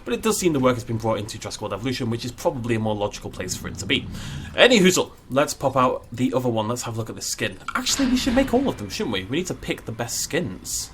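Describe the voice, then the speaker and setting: A man's voice: mid-range voice, very animated, fast talker, hardly any pauses, noisy background. Chatty man narrating gameplay. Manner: chatty, self-mocking, jokey asides. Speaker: gaming YouTuber. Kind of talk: casual gameplay commentary.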